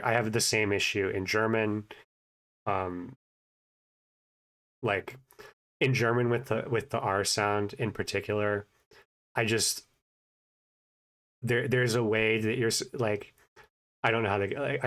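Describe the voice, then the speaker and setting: A man giving a casual spoken update, with a naturally mumbling voice, a self-conscious, low-key manner, and many fillers and restarts. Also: steady tone, normal speed, long pauses, a bit bright. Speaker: vlogger, language learner.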